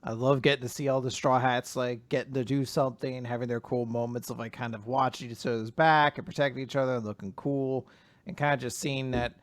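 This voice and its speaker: A man's voice: mid-range voice, fairly quick, no room sound. A man chatting loosely in a dry room. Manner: relaxed, rambling, swears. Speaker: podcast co-host. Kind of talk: casual chat.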